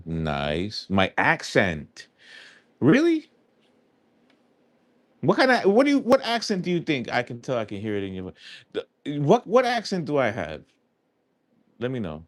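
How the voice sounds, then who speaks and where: A man's voice: mid-range voice, dry recording. Chatty New York man on a livestream. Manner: chatty, answers chat aloud, loose and rambling. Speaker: livestream host. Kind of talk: casual live chat with viewers.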